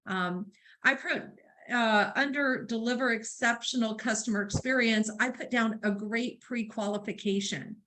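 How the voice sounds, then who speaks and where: A woman runs a real estate training seminar, telling a story and playing both sides of a conversation, using fillers like "um" and "right." Her slightly high voice has a sharp tone and a moderate pace, on a rough recording.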